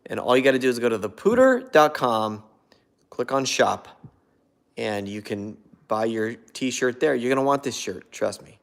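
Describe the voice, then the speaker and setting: A man's voice: mid-range voice, expressive, moderate pace, creaky. A man hosting a casual live stream on his phone, chatting and reading viewer comments aloud. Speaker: prank video host.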